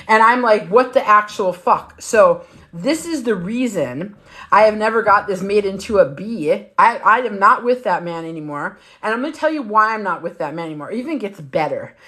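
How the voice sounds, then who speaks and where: A woman in her fifties telling a long, profane story on a livestream, acting out both sides of the conversation. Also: medium pitch. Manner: profane, animated storytelling with quoted voices. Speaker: lifestyle vlogger.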